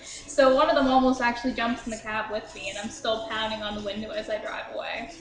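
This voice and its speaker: A woman's voice: on the high side, flat delivery, quick pace, reverberant, low-quality recording. A young woman casually telling a drunk story to her viewers, chatty and swearing freely, laughing at herself. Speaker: vlogger.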